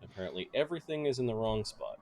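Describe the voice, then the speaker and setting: A man's voice: fairly low pitch, big pitch swings, fast talker, background noise. A man hosting and running a tabletop game, chatting casually with lots of fillers. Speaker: game master and host.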